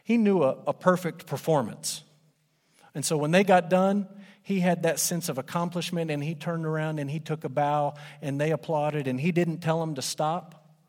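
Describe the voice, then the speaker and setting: Man, preacher, sermon, emphatic, loud-to-hushed, higher voice, long hall reverb. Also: fairly even intonation, normal speed.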